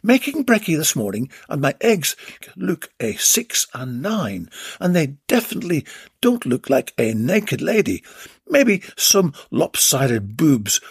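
A man hosts a comedy podcast, reading listener comments aloud with cheeky, mock-dramatic asides. His voice is quite husky and swings widely in pitch, set a little high. The recording is close and dry. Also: dry recording. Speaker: podcast host. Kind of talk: comic podcast monologue reading listener posts.

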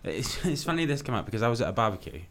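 A man co-hosting a casual podcast with dry, deadpan quips. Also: medium pitch, rapid-fire, a little hiss or hum. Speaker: podcast co-host.

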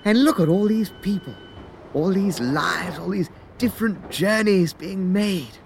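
A man's voice: high-pitched, unhurried, vocal fry, slight background noise. A man narrating a comic audio sketch, bumbling and chatty, talking to listeners as his friends.

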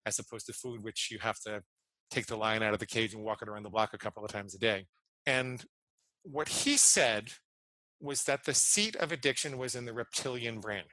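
A man in his fifties, a podcast guest, earnestly telling a personal story and explaining ideas, slowing down to stress key words. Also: medium pitch, pushed and bright, no echo, poor audio.

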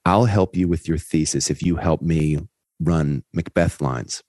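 A man hosting a podcast who tells stories in a lively conversational way, and his voice climbs high when he gets excited. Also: measured pace, dry recording. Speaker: podcast host. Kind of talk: conversational storytelling in an interview.

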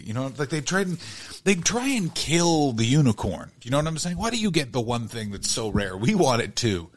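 A man hosting a comedy podcast, ranting profanely in an animated monologue. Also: medium pitch. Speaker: podcast host.

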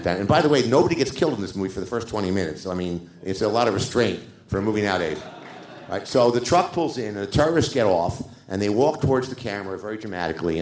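An older man, a screenwriter, telling lively behind-the-scenes anecdotes on a theater stage and acting out the quotes. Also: on the low side. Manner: animated storyteller, acts out quotes. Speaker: screenwriter guest. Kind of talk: live stage interview anecdote. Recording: roomy live theater sound.

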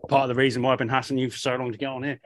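Man, podcast host, quick talker, chummy, dry close sound. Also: medium pitch, flat delivery, fairly bright tone, no room sound. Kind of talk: casual interview chat.

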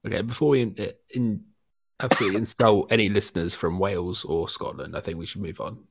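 Male co-host under the weather, low gravelly voice, husky, wry and teasing. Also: fairly even intonation, quick pace. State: sick. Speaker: podcast co-host. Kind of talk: casual chat.

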